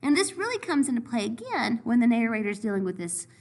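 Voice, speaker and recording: A woman teacher walking through a lesson in a clear, explanatory way, step by step. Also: on the high side, very animated, fast, darkish tone. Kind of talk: recorded lesson review.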